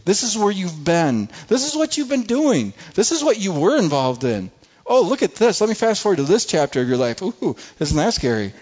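A scornful devil figure jeers and accuses, his voice jumping up high into sharp jabs, as a male preacher puts him on mid-sermon. The pitch sits a touch above the usual for a man, and the recording sounds muffled and lo-fi. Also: very animated, normal speed, breathy edge, heavily acted. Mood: mocking.

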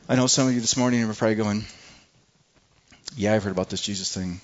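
A man preaching a sermon to a congregation with passion, swinging from soft, low moments to loud, high pleas and often repeating words. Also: fast talker, pauses often, dull audio. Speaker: pastor.

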